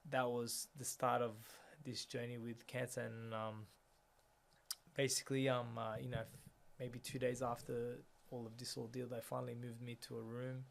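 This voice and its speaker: A man's voice: medium pitch, flat delivery, moderate pace, vocal fry. A man in his thirties, an interview guest, earnestly telling a personal story and retelling scenes through quoted dialogue, with many fillers. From Australia.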